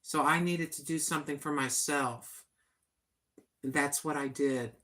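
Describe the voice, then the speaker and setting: Older woman, livestream host, talks plainly and earnestly; bright, slightly low voice. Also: fairly even intonation, a little slow. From United States. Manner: plain-spoken, chatty and earnest. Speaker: vlogger. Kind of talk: casual livestream chat.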